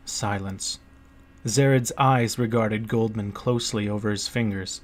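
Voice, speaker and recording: A man narrating a fantasy audiobook in a steady, unhurried reading voice. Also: lowish voice. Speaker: audiobook reader.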